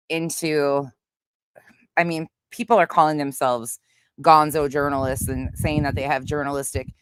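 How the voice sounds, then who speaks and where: A woman's voice: sits low, smooth, dry recording, clean studio sound. A woman hosting a casual livestream, greeting viewers by name and chatting bluntly with some swearing. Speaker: livestream host. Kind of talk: casual livestream chat reading comments.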